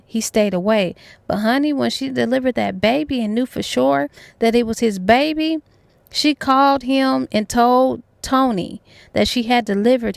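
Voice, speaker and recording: A woman's voice: a little high, creaky, no room sound. A young adult woman retelling a novel's plot in a casual, colloquial way as a book reviewer. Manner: chatty, colloquial, acts out characters' lines.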